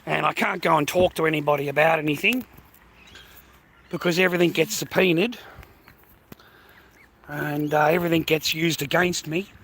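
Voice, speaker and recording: A man livestreaming, ranting angrily at his viewers, swearing a lot and repeating himself, sometimes dropping to a low quiet menace. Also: steady tone, moderate pace, gravelly, long pauses, slight background noise. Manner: swears constantly, repeats phrases, berates viewers; drops low and quiet when threatening. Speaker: livestreamer talking to his chat. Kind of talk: angry rant to chat.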